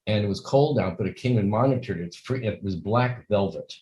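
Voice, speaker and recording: An older man, guest in a conversational interview, talks a little fast in a fairly low, mellow voice. He's earnest and rambles in long stretches, acting out the lines he quotes. The recording is rough.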